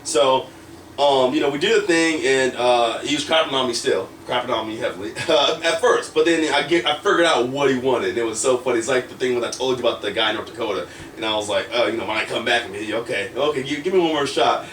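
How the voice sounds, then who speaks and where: A man's voice: mid-range voice, fast, a bit bright. A man telling a story in a casual interview, rambling and full of fillers, acting out quoted lines. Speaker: wrestler guest. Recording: roomy echo, distant from mic, faint noise.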